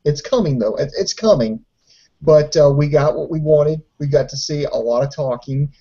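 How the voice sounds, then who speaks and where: A man with a somewhat raised but mellow voice talks through a casual review with dry sarcasm. The audio is dull and lo-fi. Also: fairly high pitch, normal speed. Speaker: co-host.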